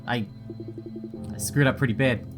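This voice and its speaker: A man's voice: mid-range voice, normal speed, over music, close to an everyday voice. A man voicing a dying man who is bitter, desperate and prone to swearing. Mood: bitter, resigned. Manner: pleading, swearing, breaking into pained outbursts.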